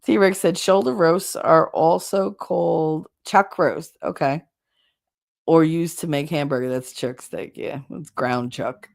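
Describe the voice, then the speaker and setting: A woman with a New Jersey accent hosting a casual livestream chat, chatty and blunt, her voice going hoarse from talking so long. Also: deep voice, slow, darkish tone. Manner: chatty, rambling, blunt with swearing. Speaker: livestream host reading chat.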